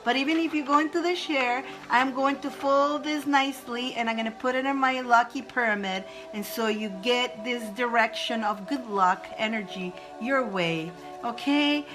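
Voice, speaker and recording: A woman hosting a spiritual live stream, chatting casually and excitedly with viewers. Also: a little high, normal speed, few pauses, over music, low-quality recording. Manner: chatty and excitable, breaks into laughter.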